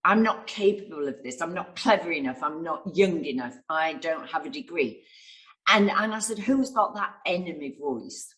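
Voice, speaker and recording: A woman's voice: deep voice, low-quality recording. A woman, a success coach, answering interview questions with enthusiastic storytelling and acted-out quotes. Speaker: guest speaker and success coach.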